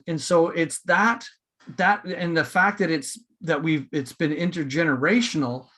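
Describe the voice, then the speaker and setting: A man's voice: on the high side, a bit bright. Rambling man on a spiritual podcast. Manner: rambling, many fillers and restarts. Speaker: podcast host. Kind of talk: casual spiritual podcast talk.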